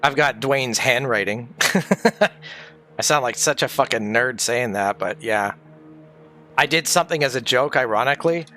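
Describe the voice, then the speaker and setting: A man's voice: mid-range voice, moderate pace, sharp tone, faint music behind. A man streaming from home, grieving, talking candidly in a rambling, sweary way. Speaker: livestreamer. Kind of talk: casual livestream chat.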